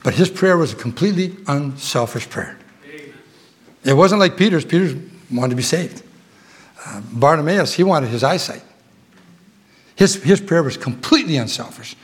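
A man's voice: on the high side, lively intonation, moderate pace. A middle-aged man preaching a folksy sermon, rambling through a ranch story with chuckles and talking straight to his congregation.

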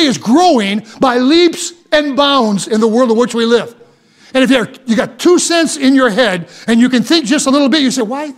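A man preaching a sermon, stumbling over repeated words and building to fervent emphasis. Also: high voice. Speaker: pastor.

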